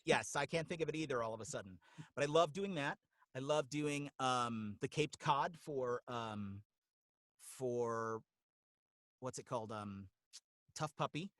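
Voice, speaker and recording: Brief: male voice actor, casual guest chat, bright and lively, searching for names, dry sound. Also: mid-range voice, measured pace, dry recording. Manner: animated, gropes for names, drops into voices mid-sentence.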